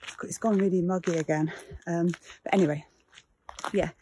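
A woman's voice: fairly even intonation, fairly quick, dark tone, slight background noise. A woman vlogging casually, chatting and talking to her dogs, out of breath while walking outdoors. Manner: chatty, talks to her dogs in a high baby voice. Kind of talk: casual vlog chat.

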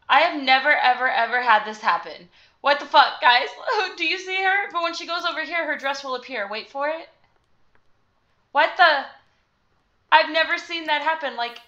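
A woman's voice: high voice, unhurried, pushed and bright, muffled recording. A young woman vlogger giving casual, chatty commentary while playing a life-sim game, giggling and swearing when surprised. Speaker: gaming vlogger.

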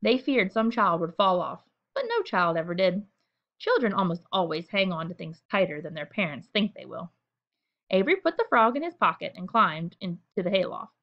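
A woman reading a children's storybook aloud at bedtime, gentle and expressive, with chatty asides. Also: fairly low pitch, normal speed, muffled recording.

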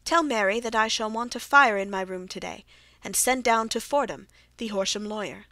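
A woman reading aloud and voicing a fierce, quick-tempered, reclusive old male colonel who speaks in gruff, commanding bursts. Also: on the high side, pushed and bright, dry recording. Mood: defiant.

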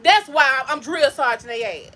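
High-pitched, bright-voiced foul-mouthed woman vlogger. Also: moderate pace. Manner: blunt, profane, scolding. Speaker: vlogger hosting a livestream. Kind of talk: casual livestream rant. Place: at home.

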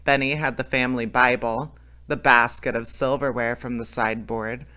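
A man reading a storybook aloud as narrator, telling it in a steady, plain way. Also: mid-range voice, normal speed, clean tone.

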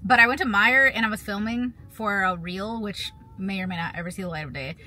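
A woman's voice: mid-range voice, a little fast, sharp tone. A woman in her thirties, a mother, chatting casually to a phone camera in a rambling, playful storytelling way while out and about. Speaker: vlogger. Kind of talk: casual vlog chat. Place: in a car and out and about.

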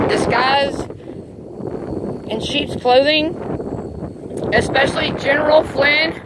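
A woman giving a rambling religious rant outdoors in a rural pasture, breaking off to coo at the cows around her. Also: sits high. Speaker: religious vlogger. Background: wind and animals.

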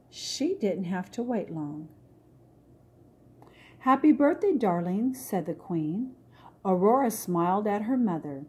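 A woman reading a children's storybook aloud in a slow, lilting storytelling voice. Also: medium pitch, mellow, husky. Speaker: storybook reader.

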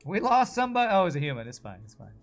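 A man's voice: sits high, very animated, very fast, soft background music. A man casually commenting on his own gameplay on a live stream, thinking aloud and answering viewers. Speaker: game streamer.

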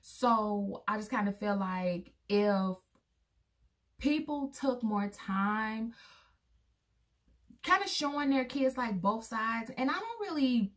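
A woman's voice: slow, pauses often, fairly bright tone. Candid woman vlogger talking to viewers. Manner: candid, talks straight to viewers; acts out quoted voices with big pitch jumps. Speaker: parent of a son. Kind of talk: casual opinion vlog.

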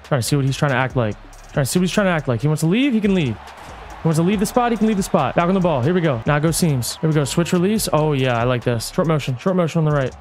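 A man's voice: fairly high pitch, quick pace, faint music behind. Hyped man calling his own game plays. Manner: excitable, coaching himself, yelling at big plays. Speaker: gamer commentating his own football video game play. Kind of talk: hyped live gameplay commentary.

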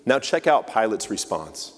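A man's voice: on the low side, sing-song, moderate pace, big-room sound. A man preaching a sermon in a church, talking in a conversational way and putting questions to the congregation. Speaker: church leader giving the message. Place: church sanctuary.

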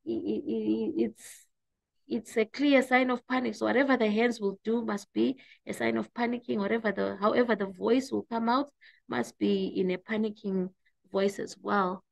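Woman, teacher, exam revision lesson, gravelly voice, dry close sound. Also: a little high, steady tone, no echo, poor audio. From South Africa. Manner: explains slowly, restating points with hesitant fillers.

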